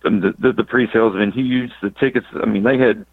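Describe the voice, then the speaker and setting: A man calls in over a thin, tinny phone line that sounds dry and close. His voice sits low, and he speaks haltingly as a guest promoter, often restarting his sentences. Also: steady tone, no room sound. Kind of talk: casual radio chat.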